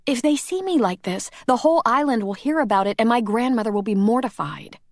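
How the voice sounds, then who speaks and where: A woman's voice: a little high, expressive, fairly quick, no echo, clean studio sound, pitched above the performer's own voice. A woman voicing a flustered young heroine who often speaks in a breathless whisper. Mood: anxious.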